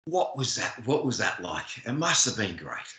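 A man's voice: lowish voice, very animated, normal speed, pushed and bright, roomy sound. A man hosting an interview, rambling and stacking several questions at once. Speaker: interviewer host.

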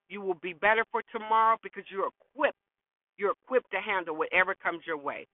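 A woman's voice: mid-range voice, fairly quick, dry recording. A middle-aged woman hosting a show, giving blunt, preachy motivational advice and repeating her points for emphasis. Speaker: host. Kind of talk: motivational monologue. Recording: dry, phone-like lo-fi audio.

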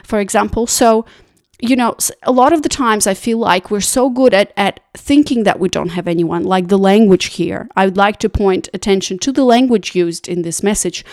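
A woman's voice: medium pitch, normal speed, a little mellow, no room sound, studio quality. A woman life coach talking straight to camera, giving earnest, conversational advice with lots of "like" and "you know".

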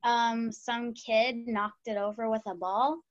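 A woman's voice: on the high side, fairly even intonation, slow pace, no room sound. Woman, group member, rambling, dry close sound, dull lo-fi audio. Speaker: group participant. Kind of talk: casual group discussion.

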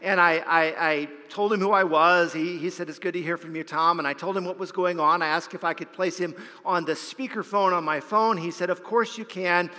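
A man's voice: high voice, steady tone, brisk, hardly any pauses, pushed and bright. A man, a pastor, preaching a sermon and telling a story, often repeating a word as he starts a phrase. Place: church sanctuary. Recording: long hall reverb.

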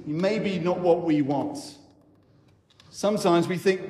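A man who is a vicar, giving a sermon in a church and telling the story slowly with reflective pauses. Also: high-pitched, darkish tone. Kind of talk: sermon talk. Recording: echoey church hall.

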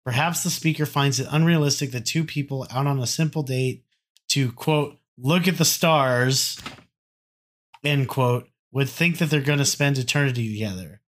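A man's voice: mid-range voice, moderate pace. A man co-hosting a casual podcast, reading song annotations aloud in a mocking, sarcastic way. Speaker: podcast co-host.

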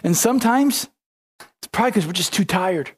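A man with a notably high voice delivers a sermon as a pastor. He tells the story in a loose, conversational way, slipping into casual modern phrasing as he goes. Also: expressive, normal speed, slightly rough.

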